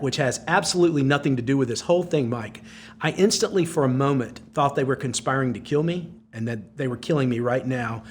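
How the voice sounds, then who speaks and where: A man's voice: medium pitch, husky. A man in his sixties, a podcast guest, telling a personal story intensely with repeated phrases. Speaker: podcast guest, former Navy SEAL.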